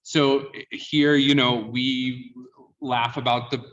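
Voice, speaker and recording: A man teaches a class on sung diction, explaining points, quizzing students, and frequently checking in with "yeah?". His mid-range voice is flat and slow, a bit bright. The recording sounds distant, dull, and lo-fi.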